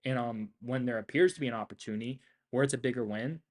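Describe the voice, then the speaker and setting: A man's voice: mid-range voice, fast. A young man live-streaming his trades, talking in a brash, boastful rant full of swearing. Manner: brash, profane and boastful, ranting. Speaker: trading streamer. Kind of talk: live trading stream commentary.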